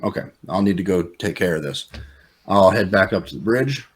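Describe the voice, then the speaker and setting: Man, player, lowish voice, measured, tabletop role-play. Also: expressive, breathy edge.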